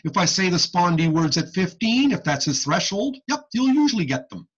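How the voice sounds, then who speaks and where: A man giving a recorded audiology lecture over slides, teaching deliberately and checking in with "okay?" often. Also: sits high, very animated, slightly rough, muffled recording.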